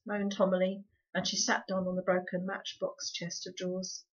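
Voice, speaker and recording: A woman calmly reading a children's novel aloud as the storyteller. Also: mid-range voice, normal speed, breathy edge. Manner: calm, even narration. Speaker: storybook reader. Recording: dull lo-fi recording.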